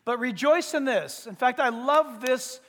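Man preaching, very high voice, emphatic, long hall reverb. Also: expressive, unhurried, fairly bright tone. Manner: emphatic, repeats "listen" to press points. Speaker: pastor. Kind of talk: sermon.

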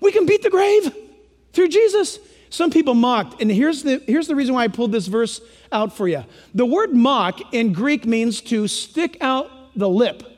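A man preaching a sermon in an animated way, acting out quoted voices for humor. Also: very high-pitched, moderate pace, few pauses, in a large hall.

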